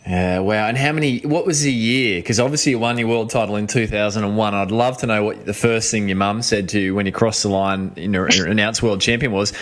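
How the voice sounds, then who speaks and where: A man hosting a podcast interview reacts and asks his guest quick follow-up questions. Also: on the low side, fairly even intonation, fairly bright tone. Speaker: podcast host.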